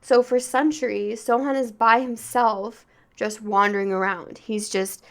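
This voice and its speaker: A woman's voice: fairly high pitch, fairly even intonation, unhurried. Chatty woman gushing about a book. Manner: chatty, gushing, full of filler words and restarts. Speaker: book podcast host. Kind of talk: casual book review monologue.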